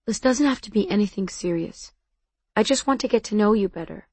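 A woman's voice: mid-range voice, lively intonation, a little fast, a little mellow, husky, no room sound. A woman voicing a nervous, earnest teenage boy who stammers and restarts, in an audiobook. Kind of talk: audiobook dialogue.

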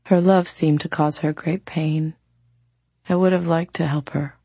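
A woman reading an audiobook voices a gentle, kind male immortal in a soft, measured and tender way. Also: deep voice, fairly even intonation, husky, no room sound, heavily acted.

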